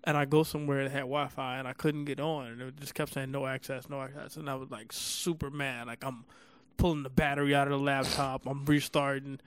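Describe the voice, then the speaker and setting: A man's voice: mid-range voice, little pitch movement, brisk, clear, resonant tone, dry recording, studio quality. A man co-hosting a podcast, telling stories in casual chat and laughing often. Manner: laughs often, playful storytelling. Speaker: podcast co-host.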